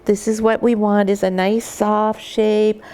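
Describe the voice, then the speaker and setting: A woman dog breeder giving an instructional demonstration, gently cooing at the puppies now and then. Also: mid-range voice, level tone, measured pace, clear, resonant tone.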